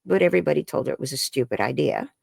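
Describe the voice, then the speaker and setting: A woman, an energy healer and psychic, telling a story in an interview and acting out the quoted dialogue in a higher voice. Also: expressive, racing, vocal fry, slightly rough, dry recording, clean studio sound. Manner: acts out quoted dialogue with high bright voices.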